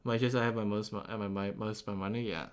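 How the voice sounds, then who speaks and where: A man's voice: lowish voice, level tone, racing. A young man chatting casually on a game stream, rambling through answers to chat with lots of fillers and restarts.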